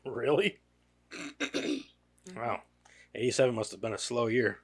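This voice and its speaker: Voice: mid-range voice, animated, unhurried, slightly rough. A podcast co-host in casual chat, blunt and casually swearing.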